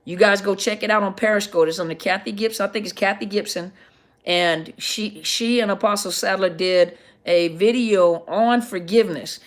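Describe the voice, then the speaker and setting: A woman's voice: mid-range voice, moderate pace. Chatty woman hosting a live Q&A. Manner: chatty, greets viewers by name, restarts sentences. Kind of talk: casual livestream Q&A, reading viewer comments.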